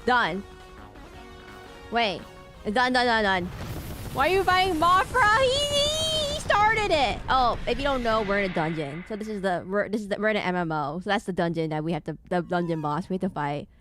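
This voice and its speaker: Brisk and mid-range, this VTuber's voice carries over faint game music as she streams a video game. Her casual chatter turns into lively, over-the-top rants delivered in fun.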